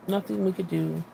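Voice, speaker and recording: Gravelly woman venting on a live stream, kinda fed up, little background hiss. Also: lowish voice. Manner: frustrated, venting, swearing. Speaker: livestream host. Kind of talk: casual livestream chat.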